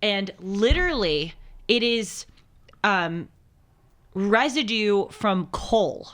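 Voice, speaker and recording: Brief: woman co-host, animated chatty storyteller, casual podcast banter. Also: mid-range voice, takes it slowly. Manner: animated, chatty, lots of restarts and laughs. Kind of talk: casual chat.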